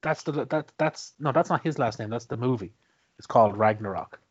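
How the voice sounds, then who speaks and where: A man's voice: mid-range voice, brisk, breathy edge, dull audio. A man casually chatting about his favourite movies as a co-host. He laughs often, restarts his sentences and swears. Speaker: podcast co-host.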